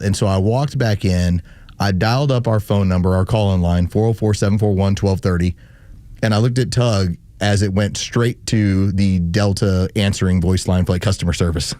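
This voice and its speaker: A man's voice: fairly low pitch, a little mellow, no echo. A male morning radio host telling stories in casual chat from a studio microphone. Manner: storytelling, rambling with restarts.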